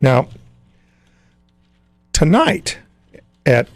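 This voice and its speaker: A man's voice: mid-range voice, huge pitch swings, dry recording. A man giving weekend entertainment picks as a radio guest, in a chatty, self-joking manner. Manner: chatty, quick asides, laughs at himself.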